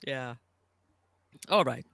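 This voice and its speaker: A woman's voice: extremely low pitch, animated, extremely slow, vocal fry, fairly bright tone. A woman hosting a live-stream interview, effusive and welcoming, often repeating her words as she speaks. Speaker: host.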